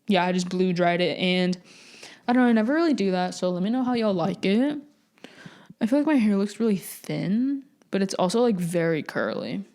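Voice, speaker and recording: A woman's voice: medium pitch, expressive, normal speed, darkish tone. Rambling eighteen-year-old woman podcaster. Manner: rambling, chatty, self-mocking. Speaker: podcast host. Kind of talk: casual solo podcast chat.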